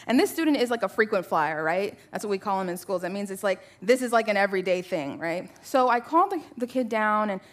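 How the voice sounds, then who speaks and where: A woman in her thirties preaching a sermon to a church, telling personal stories in a conversational, animated way with many rhetorical questions. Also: medium pitch, fast, few pauses.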